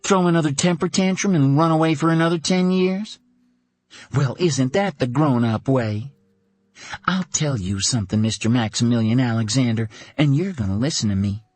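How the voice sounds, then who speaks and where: A man reading an audiobook, voicing a fierce blunt woman who survived a hard injury and lashes out in rapid scolding. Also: on the high side, animated, a little mellow, breathy edge, dry recording, voice pushed up. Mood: furious. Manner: mocking then furious, rapid scolding. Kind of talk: audiobook character voice.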